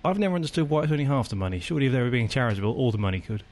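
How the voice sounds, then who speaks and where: A man's voice: medium pitch, very animated, very fast, a little mellow. A young man rambling in playful, improvised comedy banter as a podcast co-host.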